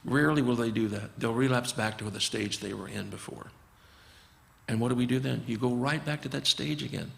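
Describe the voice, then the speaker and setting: A man's voice: mid-range voice, brisk, creaky, big-room sound. A man, a physician guest, talking earnestly and explaining his approach, often acting out conversations with patients. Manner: earnest, acts out dialogues with patients.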